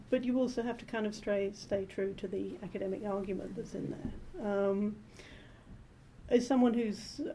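A woman translator being interviewed, explaining her work in a measured, thoughtful way with frequent pauses and ums. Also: mid-range voice, warm tone, a little hiss or hum. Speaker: literary translator, interview guest. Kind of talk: thoughtful academic conversation.

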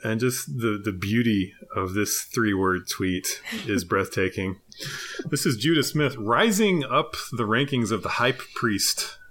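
Wry joking man with a bright voice. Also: on the low side, lively intonation, measured pace, hardly any pauses. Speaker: podcast co-host. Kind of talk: casual chat.

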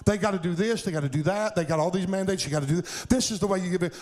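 A middle-aged man preaching from the pulpit in a fairly high voice. He works the congregation with call-and-response cries and climbs into full shouts at his high points. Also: rapid-fire, hardly any pauses, rough recording. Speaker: pastor. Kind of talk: sermon.

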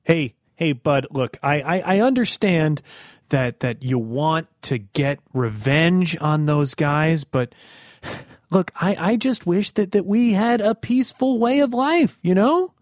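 A man voicing an anxious male peacemaker who stammers, pleads, and lets his voice climb higher. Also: animated, slow pace, no echo, studio quality. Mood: pleading.

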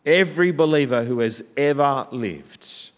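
A man preaching a sermon in a church, building from quiet, reflective passages to loud, rousing calls. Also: medium pitch, lively intonation, unhurried. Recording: church hall with long reverb.

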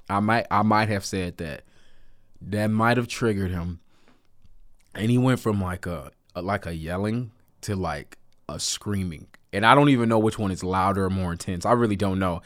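A man's voice: fairly low pitch, moderate pace, dry recording, studio quality. A man casually telling a personal story with jokes, often breaking into laughter. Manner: animated, joking, laughs between lines.

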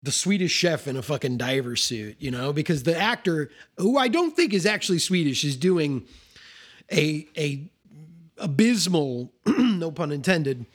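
A man's voice: on the high side, big pitch swings, measured pace, husky. A man hosting a podcast, chatting casually and animatedly about films with lots of fillers and some swearing. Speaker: podcast host. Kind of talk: casual film discussion.

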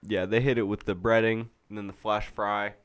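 A man's voice: fairly low pitch, level tone, a little fast, clean tone. A man co-hosting a podcast in casual chat, with loose, profane, joking banter. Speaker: podcast co-host.

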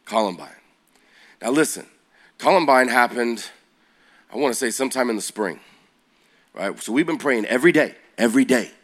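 A man in his forties preaching to young people, telling a story in a loose, slangy way and asking them questions. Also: mid-range voice. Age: 40s. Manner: animated, slangy, asks the audience questions. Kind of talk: youth sermon storytelling.

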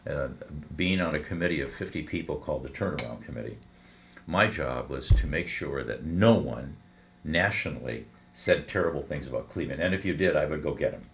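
As a guest in a casual interview, a veteran radio broadcaster, an older man, tells animated stories and restarts often. His rumbling low, gravelly voice moves fairly quickly, and there's slight background noise.

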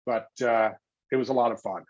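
A man's voice: mid-range voice, no room sound, lo-fi sound. A middle-aged man telling stories in an interview. He acts out quotes and restarts his sentences often. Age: 40s or older. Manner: animated storyteller acting out quotes, quick restarts. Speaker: guest, television host. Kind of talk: anecdotal interview talk.

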